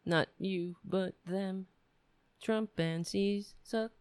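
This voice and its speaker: A woman hosting a live-stream show, ranting and rambling in casual chat as she thinks aloud, her voice going hoarse. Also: mid-range voice, fairly even intonation, extremely slow, darkish tone, dry recording. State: losing her voice.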